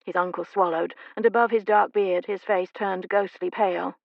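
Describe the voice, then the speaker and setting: A woman narrating a romance audiobook with a steady, measured, gravelly reading. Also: medium pitch, no room sound, lo-fi sound. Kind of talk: scripted narration.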